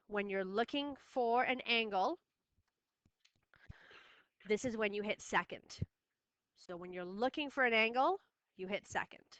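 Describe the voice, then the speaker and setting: A woman's voice: mid-range voice, pushed and bright, clear, resonant tone, dry recording. A woman teaching a math lesson, firm and repeating key steps for her students. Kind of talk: classroom lesson recording.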